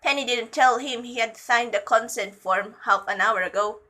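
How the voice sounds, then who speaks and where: Young woman reading fanfic out loud, high bright voice, gushes and giggles between bits. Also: normal speed, hardly any pauses, low-quality recording. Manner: gushing, giggly asides between passages. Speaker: fan fiction reader. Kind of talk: reading a story aloud with reactions.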